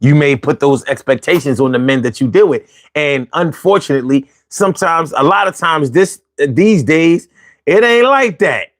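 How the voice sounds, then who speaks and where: A man with a fairly high, animated voice hosts a casual talk show vlog for viewers at normal speed. He speaks conversationally, poses rhetorical questions, and repeats phrases for emphasis, with clean studio audio and no room sound.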